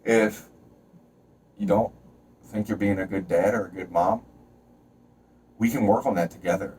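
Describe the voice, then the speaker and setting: A man's voice: fairly low pitch, unhurried, recorded from a distance, a little hiss or hum. A man giving a rambling, preachy motivational rant to camera, swearing and jumping between topics. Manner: shouts and stretches words when fired up. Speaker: vlogger.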